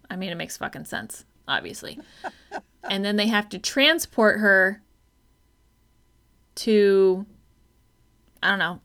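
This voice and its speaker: A woman's voice: mid-range voice, a bit bright. A woman co-hosting a casual film review podcast, wry and irritated, swearing often. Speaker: podcast co-host.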